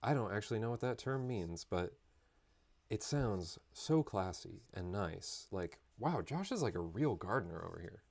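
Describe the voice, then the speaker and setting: A man's voice: fairly low pitch, sing-song, moderate pace, creaky, darkish tone. A man chatting casually and rambling with jokes while painting live on a stream. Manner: rambling, joking, self-interrupting.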